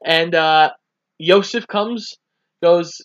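A man's voice: a little high, drawn-out words, fairly bright tone, highs cut off. A man co-hosting a podcast, retelling a film's plot casually and acting out the characters' lines. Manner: narrates the plot, acts out lines. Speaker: podcast co-host. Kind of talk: casual movie recap chat.

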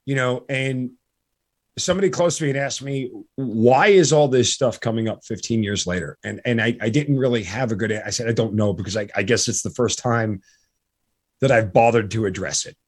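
A man hosting a podcast in a halting, earnest way, full of restarts, and audibly emotional. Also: mid-range voice. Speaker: podcast host. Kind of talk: casual interview chat.

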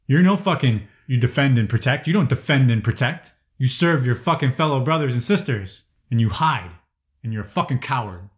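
A man's voice: mid-range voice, lively intonation, fairly quick. A man ranting angrily in casual conversation, swearing heavily as he vents. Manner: angry, profane ranting. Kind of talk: casual chat.

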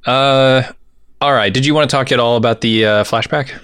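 A man co-hosting a podcast, talking in a measured, thoughtful way. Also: mid-range voice, fairly bright tone, smooth, no echo, clean studio sound. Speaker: podcast co-host. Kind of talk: casual podcast chat.

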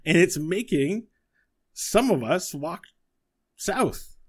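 A man voicing a fussy, excitable little male clockwork scholar who talks in a flustered, apologetic way. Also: a little high, slow pace, breathy edge, voice pushed up, exaggerated voice. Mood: eager.

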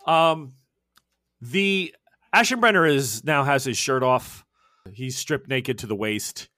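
A man narrating as game master in a loose, halting way with fillers. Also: mid-range voice, fairly bright tone, dry recording, clean studio sound.

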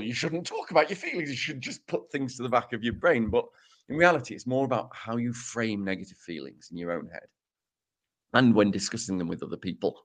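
A man presents research on a casual podcast, his pitch swinging up and down with lively energy. He speaks at a middle pitch and keeps dropping wry, self-mocking asides. The tone stays loose and joking.

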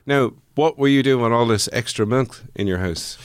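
A man's voice: medium pitch, normal speed, clean tone, no room sound, studio quality. A man teasing and mock-questioning a co-host on a comedy podcast. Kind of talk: improvised comedy podcast banter.

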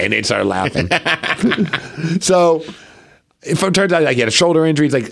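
A man's voice: mid-range voice, brisk, vocal fry. A man co-hosting a podcast, animatedly telling a story in casual chat and acting out the people in it. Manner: animated storytelling with quoted dialogue. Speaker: podcast co-host and local wrestler.

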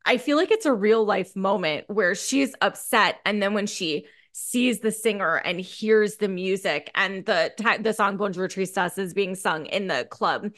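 A woman's voice: medium pitch, fairly bright tone. A woman co-hosting a casual film talk, chatty and full of fillers and restarts. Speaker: podcast co-host.

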